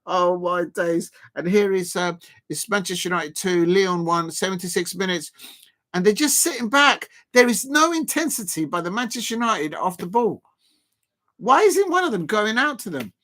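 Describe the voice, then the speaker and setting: A man doing live football reaction commentary as a streamer, chatty and quick to exclaim. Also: high-pitched, lively intonation, bright, forceful tone. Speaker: live watch-along streamer.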